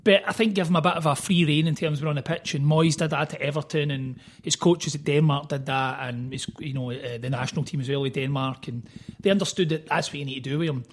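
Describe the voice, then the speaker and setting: Guy on a podcast, rattles off stories quick, husky voice. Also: fairly high pitch. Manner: fast, animated storytelling with quoted voices. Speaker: author guest. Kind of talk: casual podcast chat.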